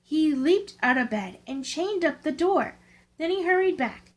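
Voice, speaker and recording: A woman reading scary stories aloud from a book in a slow, careful storytelling way. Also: high voice, expressive, rough recording. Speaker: channel host, story reader.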